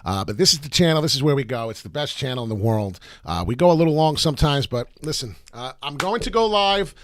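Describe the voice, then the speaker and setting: A man's voice: medium pitch, animated, fast, hardly any pauses, fairly bright tone, dry recording, studio quality. Hyped, swearing New Jersey man streaming. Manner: hyped, profane, rambling. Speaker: crypto livestream host. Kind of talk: live crypto chart talk.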